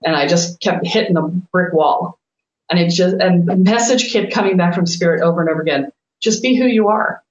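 A woman's voice: lowish voice, brisk. A middle-aged woman co-hosting a talk, telling a story with lots of animation and laughter and acting out what she once said. Her voice sits in a roomy space, and the recording is a bit dull and lo-fi. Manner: animated, laughing, quotes herself with swearing. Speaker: spiritual coach and podcast co-host. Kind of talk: casual storytelling chat.

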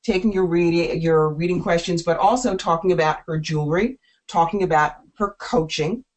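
A woman from South Jersey hosting a call-in radio show, talking in a brisk, playful, chatty way. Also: on the low side. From South Jersey, USA.

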